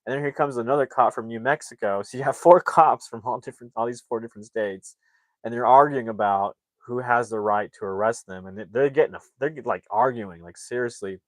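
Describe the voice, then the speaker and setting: A man's voice: medium pitch, brisk, no echo. A man casually recapping a film's plot, rambling with lots of filler words. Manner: rambling, filler-heavy storytelling. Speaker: movie reviewer.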